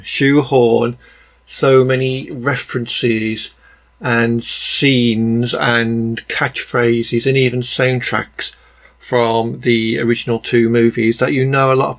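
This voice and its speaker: A man's voice: medium pitch, vocal fry. A man with a Black Country accent giving a blunt, exasperated film review in a rambling, casual way, full of ums.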